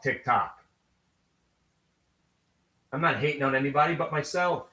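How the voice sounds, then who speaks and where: His pitch is fairly high and a bit bright, and he talks at a measured pace with frequent pauses. This middle-aged host of a live day-trading stream hails from Brooklyn, New York, carries its accent, and keeps things brash, profane and jokey.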